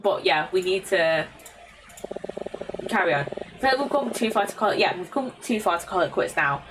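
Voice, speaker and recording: A woman's voice: fairly low pitch, lively intonation, moderate pace, a little hiss or hum, rough recording. A British woman streamer giving casual, chatty let's-play commentary, often giggling.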